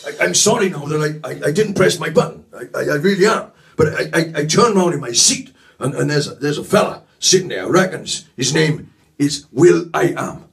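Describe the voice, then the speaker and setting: A man's voice: fairly high pitch, moderate pace, vocal fry. A man impersonating a swaggering older male crooner who belts out lines and mumbles with a stammer. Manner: belting sung lines, then mumbling stammer.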